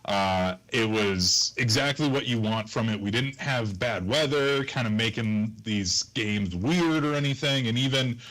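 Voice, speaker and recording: A man calling in as a guest sports broadcaster, talking enthusiastically about high school football. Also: unhurried, few pauses, a bit bright, poor audio. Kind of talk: call-in sports talk.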